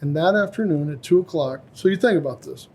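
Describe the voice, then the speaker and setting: A man's voice: a little high, quick pace, slight background noise. A man who heads a company, chatting casually on a podcast and telling a story with acted-out lines from the people in it. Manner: animated storyteller acting out voices. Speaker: company CEO and podcast host.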